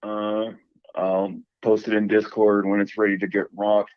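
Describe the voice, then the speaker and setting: Heard over a tinny line with no echo, a man with a fairly low, monotone voice tells a story unhurriedly. He rambles and hesitates, restarting often.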